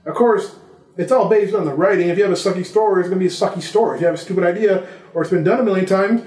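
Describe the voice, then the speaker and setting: A man's voice: sits high, rapid-fire, a little mellow, echoey room. A man giving a casual vlog lesson on filmmaking, talking conversationally and listing examples. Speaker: filmmaking instructor.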